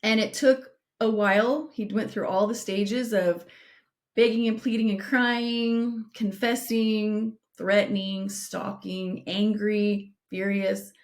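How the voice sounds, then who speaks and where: A woman's voice: mid-range voice, little pitch movement. A middle-aged woman co-hosting a podcast, giving direct advice and telling a painful personal story in an earnest way. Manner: earnest, direct, slows down for emphasis. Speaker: podcast co-host.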